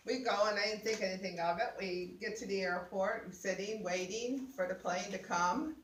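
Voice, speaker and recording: An older woman, a guest sharing a personal story, tells it animatedly, laughing, exclaiming and acting out voices. Her voice is mid-range at a moderate pace. The sound is roomy with the mic at a distance and slight background noise.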